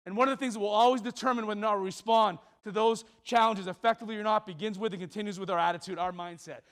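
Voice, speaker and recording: High-voiced animated male speaker. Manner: dramatic, acts out characters, big pauses. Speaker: motivational speaker. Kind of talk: animated storytelling talk. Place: school auditorium stage.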